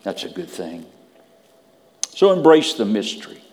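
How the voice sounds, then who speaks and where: A low-voiced man preaching a sermon. He drops to hushed whispers, then climbs to loud, emphatic peaks. His voice rings with a long reverb, as in a church sanctuary. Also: big pitch swings, measured pace.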